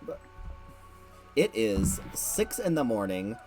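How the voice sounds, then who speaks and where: A man's voice: on the low side, very animated, slow pace, darkish tone, faint music behind. A man hosting a casual late-night stream chat, rambling and repeating words, laughing often. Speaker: streamer host.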